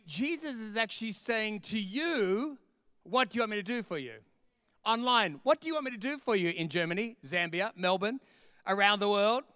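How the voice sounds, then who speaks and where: A male pastor preaching with an energetic, emphatic delivery, hammering key lines by repeating them. His voice sits high for a man and comes through smooth and resonant. The sound is dry and close. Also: dry recording. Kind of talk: sermon. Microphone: camera with a close mic.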